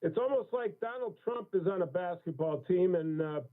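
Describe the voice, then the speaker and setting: A man's voice: sits high, expressive, moderate pace. A man calling in to a radio show, making blunt, brash, slangy comments. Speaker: caller. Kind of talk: call-in comment. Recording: tinny phone line with hum.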